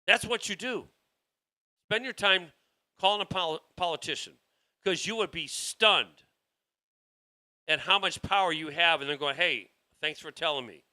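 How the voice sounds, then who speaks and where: A man's voice: sits high, unhurried, long pauses, sharp tone. A man hosting a political talk show, delivering a rambling, heated monologue with frequent restarts. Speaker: show host.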